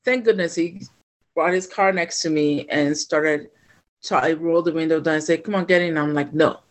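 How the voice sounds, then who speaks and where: A woman from Ghana, a podcast guest, telling a personal story in an animated way and acting out the voices of the people in it. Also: deep voice, moderate pace. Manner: animated storyteller who acts out quoted voices.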